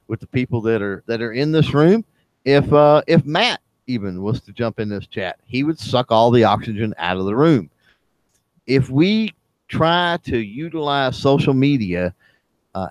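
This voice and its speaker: Man, casual chat, halting with lots of ums and restarts, dry close sound. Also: medium pitch, no echo. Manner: halting, many fillers and restarts. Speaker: livestream chat co-host.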